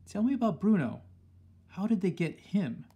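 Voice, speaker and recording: Sharp old granny giving orders, read by a man, husky edge. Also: high voice, sing-song, dull audio, voice pushed up, exaggerated voice. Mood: brisk. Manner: brisk, commanding. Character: shrewd, excitable old grandmother.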